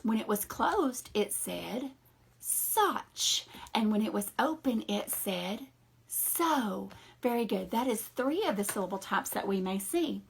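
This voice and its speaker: Husky-voiced teacher talking to young kids. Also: female voice, medium pitch, animated. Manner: slow, encouraging, sing-song teacher voice. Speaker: reading teacher. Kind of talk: phonics lesson to children.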